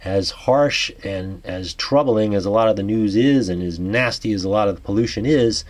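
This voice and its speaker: A man with a New York accent, his voice sitting on the low side. He reads an article aloud and then thinks out loud in a halting way. He restarts his sentences often and trails off into fillers. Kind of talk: reading articles and musing aloud.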